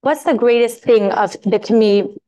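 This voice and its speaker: A married woman teaching a Torah class to women, telling a story in a lively way and acting out the quotes. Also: on the high side, normal speed. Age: adult. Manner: animated storytelling, acts out quotes.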